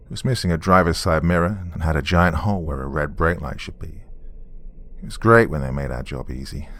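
Man, very low voice, storytelling, dry wry delivery, former cop. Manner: dry, wry, matter-of-fact with dark humor. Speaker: former police officer telling a true story. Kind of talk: storytelling narration.

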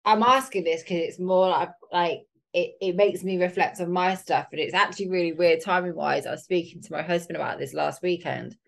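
A woman's voice: fairly low pitch, a little fast, vocal fry, hardly any pauses, fairly bright tone. A woman hosting a podcast, chatty and reflective, with lots of filler words. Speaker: podcast host. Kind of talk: casual interview chat.

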